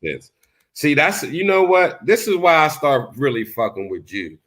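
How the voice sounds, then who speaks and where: A man's voice: a little high, sing-song, normal speed, a bit bright. A man in casual panel talk, rambling and reflective, often adding "you know what I mean". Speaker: panel host.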